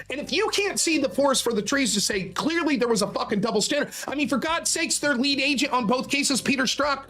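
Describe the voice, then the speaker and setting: A man co-hosting a live stream, ranting fast and swearing as he argues politics. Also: very high-pitched, bright, forceful tone. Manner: rapid, profane, ranting. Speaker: stream co-host running the donation clock.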